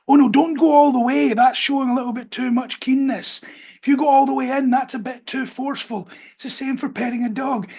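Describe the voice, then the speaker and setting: Husky guy on a podcast, firm and direct about dogs, slows down to stress the rules. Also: extremely high pitch. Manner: direct, firm instructions with stretched-out emphasis. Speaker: podcast host, dog trainer. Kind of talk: casual advice talk.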